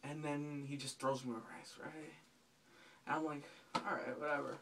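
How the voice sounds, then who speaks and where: Man, stand-up comedian, profane rambling storytelling, slightly high voice, faint room noise behind. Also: little pitch movement, moderate pace, a bit bright, far from the mic. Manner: rambling, self-mocking, profane.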